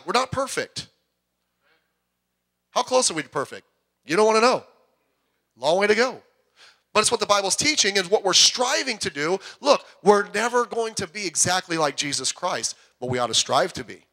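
A man's voice: fairly high pitch, fairly quick, pushed and bright. A man pastor preaching a sermon in a church, talking in a conversational way with asides and jokes. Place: church sanctuary.

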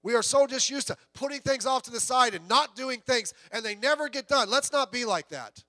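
A man's voice: extremely high pitch, expressive, a little fast, bright, forceful tone, dry recording. A male pastor preaching a sermon in a conversational style, with asides, rhetorical questions and a told story.

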